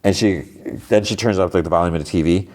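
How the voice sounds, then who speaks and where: A man with a very low voice talks through a TV recap like a podcast host. He is loose and chatty, with lots of fillers. He sounds easily exasperated. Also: fast, a little mellow. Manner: chatty, full of "like" and "you know"; exasperated at the plot. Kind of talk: casual episode recap.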